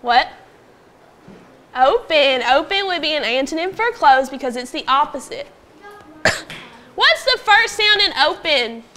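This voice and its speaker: A woman teaching a phonics lesson to young pupils in a classroom, patiently prompting them and sounding out words slowly. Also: high voice, lively intonation, bright, forceful tone, slight background noise. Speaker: elementary school teacher.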